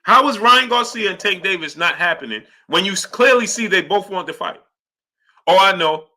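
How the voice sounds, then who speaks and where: A man with a high-pitched voice hosts a live boxing talk stream at normal speed. He reads out super chats and argues his point, animated and repetitive, asking "right?" again and again.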